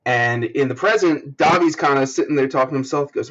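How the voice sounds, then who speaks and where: A man's voice: medium pitch, brisk. Man recapping manga panels, lo-fi sound. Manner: loose, filler-heavy recap that bursts into animated character voices. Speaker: podcast co-host recapping a manga chapter. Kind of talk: casual chat, reading panels aloud.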